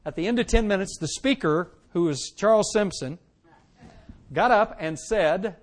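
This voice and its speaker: High-voiced preacher telling his testimony. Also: moderate pace. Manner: animated storytelling, swings from loud to hushed; acts out quoted lines. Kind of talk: sermon testimony.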